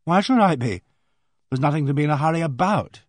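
A man's voice: on the high side, expressive, a little fast, no echo. A man voicing a blunt, awkward young woman of twenty who talks in a breathless rush. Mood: eager. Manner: breathless rush, artless and direct.

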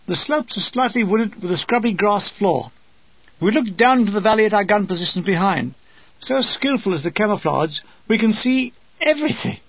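A man reading a wartime memoir aloud with dry comic timing, lively voices for the quoted soldiers. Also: high voice, husky, no echo, highs cut off. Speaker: narrator.

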